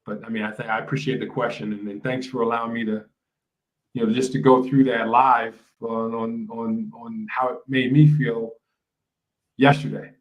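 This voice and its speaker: A man speaking as a life coach guest in an interview, reflective and halting, with many fillers and restarts. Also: medium pitch, flat delivery, rough recording. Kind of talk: casual interview talk. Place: lives in a large city.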